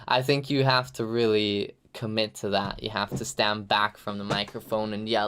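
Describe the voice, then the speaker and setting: A man's voice: lowish voice, little pitch movement, normal speed, hardly any pauses, fairly bright tone, clean tone. A man hosting a live stream, giving loose, chatty feedback full of "like" fillers and the odd swear. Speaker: host reviewing game audio reels.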